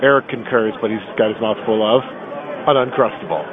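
A man hosting a podcast, giving deadpan field reports from a busy convention hall, halting with fillers. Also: on the low side. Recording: tinny phone-like recording, crowd behind. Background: crowd chatter.

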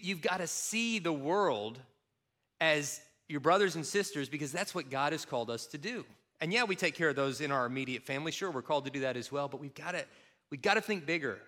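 A middle-aged man from Kentucky preaching a sermon, mixing funny personal stories with scripture. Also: a little high. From Kentucky, USA. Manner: animated, self-mocking humor with quoted voices. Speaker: pastor. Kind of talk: sermon with storytelling.

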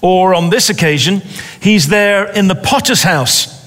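High-voiced man preaching slowly in a hall. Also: a bit bright. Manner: deliberate, repeats phrases for emphasis. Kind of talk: sermon.

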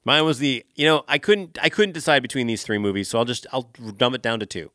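A man's voice: mid-range voice, lively intonation, fast, a bit bright, no echo, clean studio sound. A man co-hosting a casual movie-talk podcast, giving blunt opinions and laughing often. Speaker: podcast co-host. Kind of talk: casual chat.

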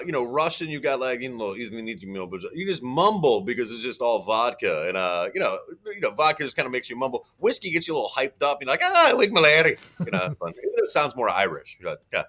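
A male comedian from Baltimore talking in a loose, joking way, his pitch swinging all over. His voice is bright and forceful. He keeps breaking into goofy put-on accents. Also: very animated, brisk, few pauses. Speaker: comedian guest. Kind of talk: casual comedic chat.

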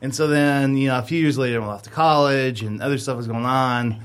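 A man's voice: medium pitch, fairly quick, clean tone. A man in his thirties, a podcast co-host, telling a long rambling story in casual chat, full of fillers.

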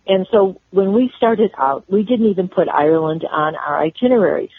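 An older woman from Chicago, a guest telling personal stories in an interview, with halting restarts. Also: on the low side, slightly rough, dry recording. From Chicago, USA. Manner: warm storyteller, halting restarts. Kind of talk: storytelling interview. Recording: tinny phone-line audio.

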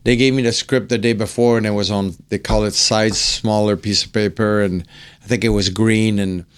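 A man who grew up speaking French, telling a long animated anecdote as an interview guest and acting out the quotes. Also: fairly low pitch, normal speed, clear, resonant tone. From French-speaking upbringing. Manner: animated, acts out quotes, swears. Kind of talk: anecdote storytelling.

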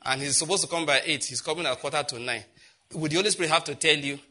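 A middle-aged man preaching to his congregation in a bright, forceful voice. He tells stories at a conversational pace, then climbs into loud, fervent outbursts. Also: on the high side, quick pace. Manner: storytelling preacher who rises to loud, impassioned outbursts. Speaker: pastor. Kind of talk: sermon.

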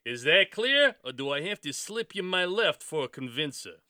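A man playing a gruff, tough bartender in a radio comedy parody, blunt and threatening. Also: a little high, big pitch swings, normal speed, sharp tone, no echo, studio quality, full character voice.

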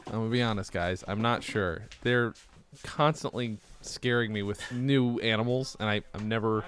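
A man hosting a podcast in casual chat, animated and swearing freely, his pitch jumping up and down and laughs breaking in. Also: normal speed, smooth. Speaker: podcast host.

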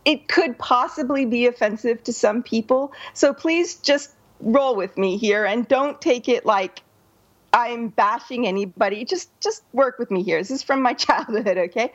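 A woman's voice: on the high side, moderate pace, lo-fi sound. A woman co-hosting a casual talk show, telling a story in a chatty way. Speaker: podcast co-host. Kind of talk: casual chat.

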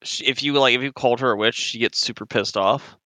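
A man with a bright, crisp voice, talking hesitantly about a campaign he wrote, with many fillers and restarts. He sits close to the mic in a dry, dead room. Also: mid-range voice, fast talker, no room sound. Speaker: campaign author and game master. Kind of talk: casual discussion.

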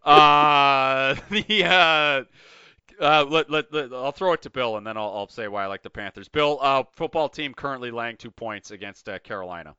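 A man's voice: medium pitch, moderate pace, sharp tone, clear, resonant tone, no room sound, lo-fi sound. A man hosting a casual sports betting podcast, talking in an emphatic, ranting way. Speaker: podcast host.

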